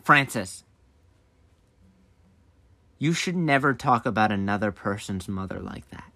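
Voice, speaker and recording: A stern mother grills her son and then scolds him, as a man puts her on. The voice is bright and edged, heard dry and close with no room around it. The questions come clipped and pointed. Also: lowish voice, expressive, a little slow, vocal fry, no room sound, pitched below the performer's own voice, exaggerated voice. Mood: scolding. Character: scolding mother of a young boy.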